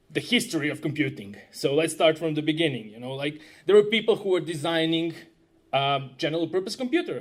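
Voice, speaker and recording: A man presenting a technical conference talk, conversational and self-deprecating, often asking the audience questions. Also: on the high side. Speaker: conference speaker, web developer.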